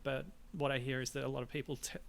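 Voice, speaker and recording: Brief: male co-host, gravelly voice, easy chatty delivery. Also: medium pitch, level tone, fast talker. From Australia. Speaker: podcast co-host. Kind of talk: casual chat.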